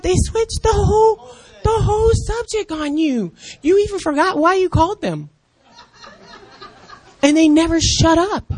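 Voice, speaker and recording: A woman in her fifties preaching a lively sermon, acting out the voices of other people and calling out in excitement. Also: very high-pitched, moderate pace, no echo. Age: 50s. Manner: animated, acts out voices of others, shouts in excitement.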